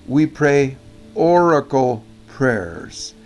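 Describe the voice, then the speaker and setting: A man giving an animated, emphatic Bible teaching on prayer, often correcting himself mid-sentence. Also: mid-range voice, drawn-out words, faint music behind.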